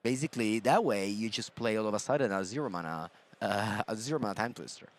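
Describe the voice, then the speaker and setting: A man's voice: on the low side, lively intonation, fast talker. Analytical male card-game commentator. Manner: analytical, thinks aloud with fillers. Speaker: color commentator.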